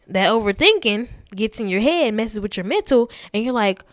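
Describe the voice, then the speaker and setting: A woman's voice: a little high, lively intonation, brisk, hardly any pauses, no room sound, clean studio sound. A young woman hosting a podcast, talking to listeners in a chatty, earnest way. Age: young adult. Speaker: podcast host. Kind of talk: casual talk.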